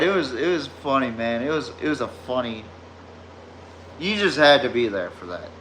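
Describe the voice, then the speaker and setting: A man's voice: medium pitch, expressive, normal speed, a bit bright, a little hiss or hum. A man with a Southern US drawl hosting a casual sports podcast, telling rambling, profane stories. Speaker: podcast host.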